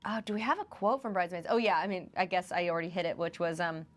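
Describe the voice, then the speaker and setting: A woman's voice: on the low side, steady tone, quick pace. A young woman co-hosting a podcast in casual chat, laughing often and acting out movie quotes. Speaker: podcast co-host.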